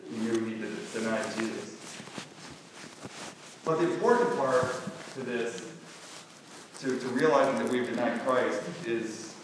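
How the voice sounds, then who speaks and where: A man's voice: mid-range voice, measured pace, pauses often, noisy background. A man teaching a casual Bible lesson and staging a skit, talking in a rambling way with many restarts and fillers. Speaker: youth or Bible class teacher. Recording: echoey hall, mic far off.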